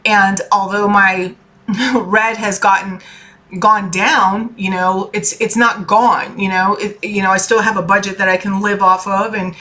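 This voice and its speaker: A woman's voice: medium pitch, level tone, a little slow, pushed and bright. A woman, a tarot reader and life coach, giving a chatty, earnest motivational talk to her viewers. She keeps checking in with "okay?" and swears casually. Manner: earnest and heartfelt.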